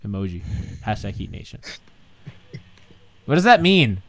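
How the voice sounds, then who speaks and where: A man's voice: medium pitch, expressive, normal speed, pauses often, a bit bright, clean tone. A man hosting a casual podcast, teasing his co-hosts in laid-back banter. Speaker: podcast host.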